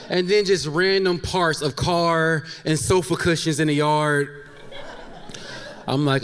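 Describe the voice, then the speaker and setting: A man in his thirties telling a funny true story on stage, candid, with laughing asides to the audience. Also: mid-range voice. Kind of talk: live personal storytelling on stage. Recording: long reverb of a stage hall.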